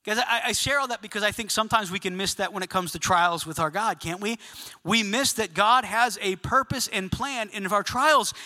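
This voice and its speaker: A man preaching a sermon to his congregation, telling a story with lively asides and questions to the listeners. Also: sits high, moderate pace. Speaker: pastor. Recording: long reverb of a large hall.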